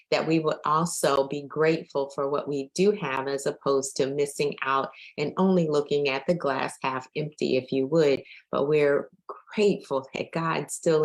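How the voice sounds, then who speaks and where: A woman's voice: sits low, poor audio. A woman faith coach leading a live-streamed daily prayer, speaking conversationally, welcoming listeners and repeating her invitations, with some fillers. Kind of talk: live-streamed devotional talk.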